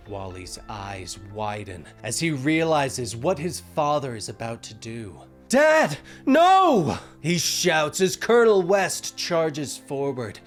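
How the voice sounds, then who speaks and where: A man narrating a comic book story in a dramatic scripted style. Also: medium pitch.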